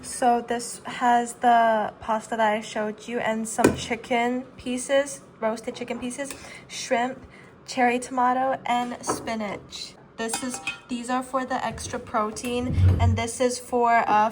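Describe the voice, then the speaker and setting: A woman's voice: a little high, flat delivery, slow, music in the background. A young woman chatting casually to viewers as she cooks and eats, a little sleep-deprived and slurring slightly. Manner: chatty, talks to viewers while cooking and eating. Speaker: vlogger. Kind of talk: casual cooking vlog narration.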